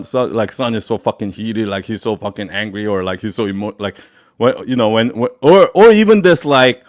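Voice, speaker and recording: A man's voice: fairly high pitch, dry recording, studio quality. A man hosting a live Q&A, lecturing bluntly and heatedly with lots of swearing and many restarts. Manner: blunt, profane, heated tough-love lecturing; rambling with many restarts and fillers. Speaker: host of a live Q&A. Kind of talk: live stream Q&A talk.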